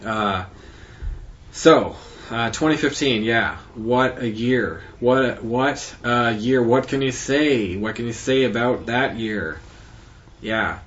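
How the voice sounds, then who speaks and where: A man hosting his own podcast, recapping his year in a halting, rambling monologue full of fillers and restarts. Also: mid-range voice, fairly bright tone, dull audio. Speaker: podcast host.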